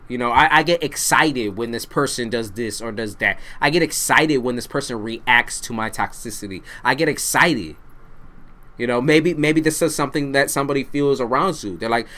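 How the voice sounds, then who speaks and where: A man's voice: mid-range voice, expressive, normal speed, sharp tone. A man giving a tarot reading to camera, speaking bluntly and directly to the listener, swearing freely and repeating himself for emphasis. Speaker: tarot reader.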